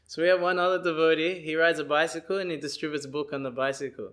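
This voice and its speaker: A man giving a lecture, telling an animated story and acting out the people in it. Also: a little high, fast talker. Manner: animated, acts out people he describes and sings chants.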